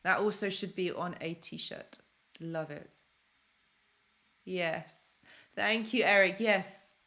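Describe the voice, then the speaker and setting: Speaking slowly in a fairly low, pushed and bright voice, a young London woman hosts a casual self-help live stream. She chats, answers what viewers write, and repeats phrases for emphasis.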